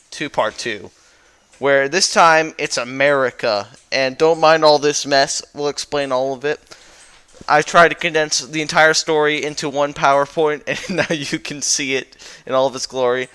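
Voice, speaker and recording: Young male YouTuber, casual and goofy, smooth voice, rambling recap style. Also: medium pitch, bright, forceful tone. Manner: rambling and goofy, with lots of fillers and self-corrections. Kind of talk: casual recap over a slideshow.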